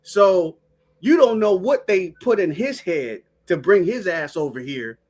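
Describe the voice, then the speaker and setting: A woman hosting a podcast, ranting with profane, animated storytelling in casual chat. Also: on the low side, unhurried. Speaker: podcast host.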